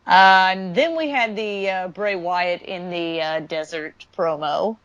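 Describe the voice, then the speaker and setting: A woman's voice: lowish voice, takes it slowly, a bit bright, no room sound. A woman co-hosting a podcast, recapping wrestling in a matter-of-fact, dry way with plenty of fillers. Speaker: podcast co-host. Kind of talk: casual wrestling chat.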